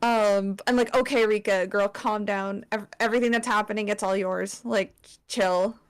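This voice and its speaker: A woman's voice: mid-range voice, fairly even intonation, moderate pace, clear, resonant tone. A young woman presenting a slideshow to friends in casual chat, swearing often and filling with likes and ums. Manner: chatty, swears, lots of fillers.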